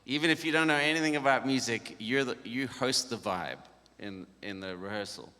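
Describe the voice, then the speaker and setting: A man's voice: medium pitch, fairly quick, pushed and bright. A middle-aged man leading a worship band workshop, talking casually and jokily with frequent laughter. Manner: easygoing and jokey, with frequent laughs. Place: conference hall. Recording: reverberant hall.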